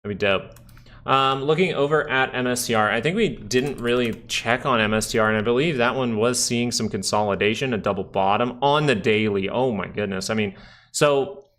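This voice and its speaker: A man's voice: mid-range voice, moderate pace, a bit bright. A young man hosting a live stock market stream, chatting casually with viewers while talking through charts. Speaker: stock market livestream host.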